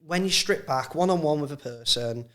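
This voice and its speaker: A man's voice: fairly high pitch, normal speed, fairly bright tone. An English man, a former football physio, chatting casually on a podcast and telling stories about players with a laugh. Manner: chatty, storytelling, laughs at own anecdotes.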